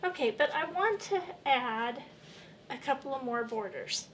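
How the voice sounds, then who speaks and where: Woman hosting a home craft tutorial; friendly and talkative, a touch high-pitched, with faint background hiss. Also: expressive, measured pace. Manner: friendly, chatty, explains as she works. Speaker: quilting channel host. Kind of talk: casual step-by-step sewing tutorial.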